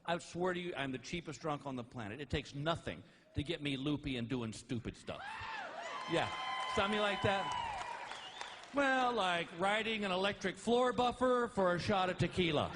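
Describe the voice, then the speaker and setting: High, lively stand-up comedian man. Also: moderate pace. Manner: animated, exaggerated, slipping into voices and shouts. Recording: noisy live stand-up album recording.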